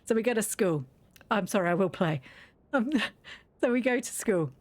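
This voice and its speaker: A woman streams a game, chatting and telling stories casually and laughing often in the middle of them. Her mid-range voice has lively intonation and moves at a normal speed, with no echo.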